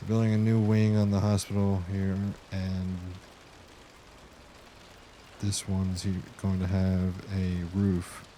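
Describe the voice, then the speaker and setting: A man's voice: low-pitched, monotone, takes it slowly, long pauses, warm tone, a little hiss or hum. A man streaming a game, rambling casually and chatting with viewers as he plays. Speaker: gaming streamer. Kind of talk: casual live-stream commentary.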